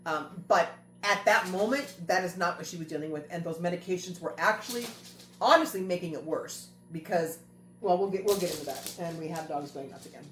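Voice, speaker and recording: An earnest woman host recounts a family story in casual chat, her voice sitting on the low side. She leans on repetition to stress her points. The room rings with echo, and faint music plays underneath. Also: brisk, fairly bright tone. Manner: earnest, repeats phrases for emphasis.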